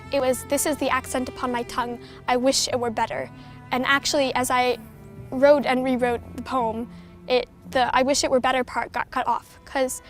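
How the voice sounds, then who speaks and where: A young woman poet in her teens, reciting spoken word poetry softly and earnestly, then reflecting on it in casual talk. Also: high voice. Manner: soft, earnest, lyrical delivery. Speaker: youth poet.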